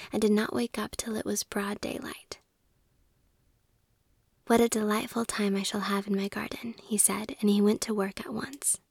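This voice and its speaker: A woman reading a story aloud in a whisper, in a soft, steady way. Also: mid-range voice, creaky, husky, no room sound, clean studio sound.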